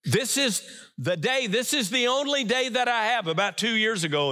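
A man preaching a sermon as pastor in a church, emphatic, swinging between loud stresses and hushed lines. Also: high-pitched, in a large hall.

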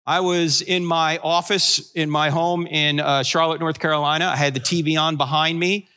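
Sixties male apologist with a high, bright voice; wisecracking storyteller for a room. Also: steady tone, normal speed, clean tone. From New Jersey. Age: 60s. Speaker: Christian apologetics speaker. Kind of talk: humorous live talk to an audience. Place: room with a live audience.

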